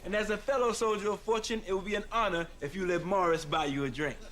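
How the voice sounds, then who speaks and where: A man's voice: sits high, fairly even intonation, quick pace, noisy background, natural voice. An actor playing a goofy, wisecracking male sidekick on a spaceship in a sitcom.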